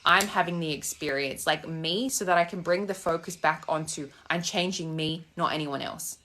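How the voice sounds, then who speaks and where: A woman's voice: sits low, normal speed, sharp tone. Sassy, blunt young woman chatting on a walk. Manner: sassy, blunt, swears freely. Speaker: manifestation coach. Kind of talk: casual live-stream chat answering comments. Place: outdoors on a walk. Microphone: phone held in hand.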